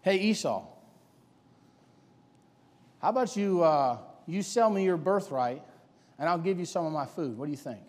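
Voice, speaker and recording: A scheming younger brother bargains in a low, hushed voice, as a preacher plays him. It comes across sly and offhand, with a long reverb behind it. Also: male voice, lively intonation, moderate pace, pauses often, natural voice.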